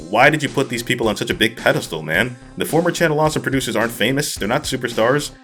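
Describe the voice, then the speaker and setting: A man's voice: fairly low pitch, sharp tone. A man hosting a critical commentary video, talking in a blunt and scornful way. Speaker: commentary host.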